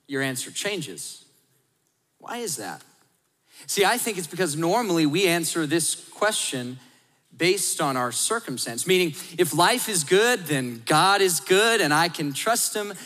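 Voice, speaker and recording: A man in his thirties delivers a sermon with animated storytelling, slipping into acted-out voices. His voice sits high and sounds bright and forceful. It carries the long reverb of a large hall. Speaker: pastor.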